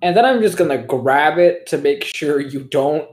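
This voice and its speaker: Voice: mid-range voice, expressive, normal speed, darkish tone. A player in a tabletop game with a playful, joking manner. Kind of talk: casual tabletop play.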